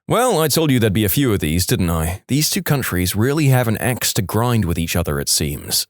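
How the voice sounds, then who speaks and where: Lively-pitched man telling jokes. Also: a little fast, hardly any pauses, no room sound, clean studio sound. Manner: animated, slips into funny character voices. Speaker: podcast narrator. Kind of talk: joke storytelling narration.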